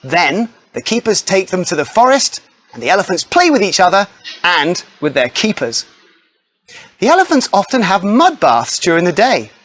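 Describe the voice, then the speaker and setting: A man narrating a children's nonfiction storybook in a friendly, expressive way. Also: sits high, normal speed, slight background noise.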